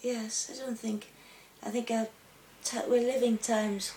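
A woman's voice: fairly high pitch, level tone, measured pace, warm tone, reverberant, recorded from a distance, slight background noise. A woman singer-songwriter answering interview questions casually and hesitantly, often searching for her words.

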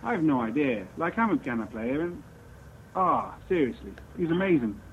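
A man, a pianist guest, talking earnestly and haltingly with enthusiasm. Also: fairly high pitch, sing-song. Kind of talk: casual chat. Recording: tinny phone-like line with hiss.

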